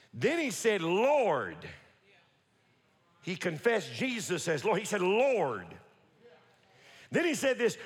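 Emphatic high-pitched preacher man, echoey church. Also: fairly bright tone. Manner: emphatic, repetitive, leads the congregation in call-and-response; quick rhetorical questions and restarts. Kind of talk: sermon. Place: church sanctuary. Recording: reverberant church hall.

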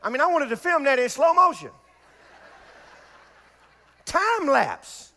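Man, pastor, fervent sermon, high-pitched gravelly voice, lively swings in pitch. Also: unhurried, long pauses, long reverb tail. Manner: fervent, repetitive preaching with shouted climaxes. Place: church before a congregation.

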